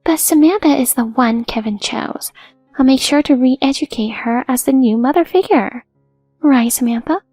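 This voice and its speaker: A woman's voice: high voice, normal speed, dry recording, voice pushed up. A woman playing a haughty mother-in-law. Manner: proud and sharp-tongued. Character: haughty, snobbish middle-aged mother-in-law. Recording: dry with soft music behind.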